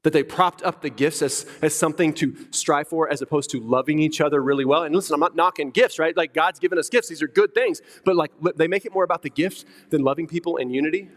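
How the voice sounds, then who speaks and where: A man's voice: fairly high pitch, fast talker, hardly any pauses. A man preaching a sermon as pastor, emphatic, repeating key words and putting questions to the congregation. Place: church hall. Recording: long hall reverb.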